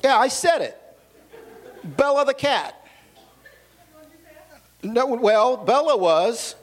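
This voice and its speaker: A man's voice: very high-pitched, lively intonation, slow pace. A man preaching a sermon, telling a humorous personal story with asides and questions to the audience. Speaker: pastor.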